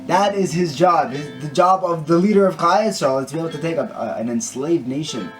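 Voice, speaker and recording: A Torah teacher and singer gives a short, conversational Torah talk and story, sprinkling in Hebrew and Yiddish terms. His voice is a little high and a little fast, with guitar music playing behind him.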